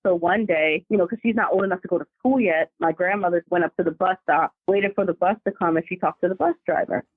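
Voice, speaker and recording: A woman caller telling family ghost stories in a chatty, animated, slangy way over the phone. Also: lowish voice, fast talker, husky, no echo. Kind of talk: casual storytelling over the phone. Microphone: phone call. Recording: dry tinny phone line.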